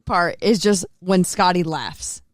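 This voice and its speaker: A woman's voice: fairly low pitch, no echo. A woman guest on a studio podcast chatting casually and teasing the hosts. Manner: teasing, quick. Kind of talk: casual chat. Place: radio studio.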